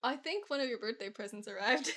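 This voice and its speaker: A woman's voice: on the high side, animated, fairly quick, bright, forceful tone. A young adult woman co-hosting an art stream, chatting casually with dry teasing remarks. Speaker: co-host streamer. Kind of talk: casual chat while animating.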